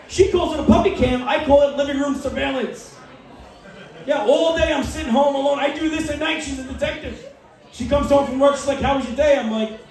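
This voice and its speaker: A man in his forties doing a stand-up comedy set, deadpan storytelling and acting out quoted people. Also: sits high. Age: 40s. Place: small comedy club. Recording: echoey club from far off.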